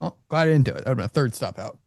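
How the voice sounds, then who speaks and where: A man talks through his futures trades out loud and laughs off his own mistakes. His voice has a gravelly edge and a mid pitch, recorded close and dry with no room sound. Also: expressive, rapid-fire, no echo. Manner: thinking aloud, self-deprecating about his trades. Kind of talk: casual live-stream trading talk.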